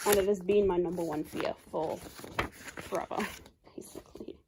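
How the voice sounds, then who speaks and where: A woman's voice: fairly low pitch, fairly even intonation, moderate pace, background noise. A young woman chatting casually at home as she unboxes items. Her talk rambles and is full of "like". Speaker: YouTuber. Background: faint crinkling of packaging.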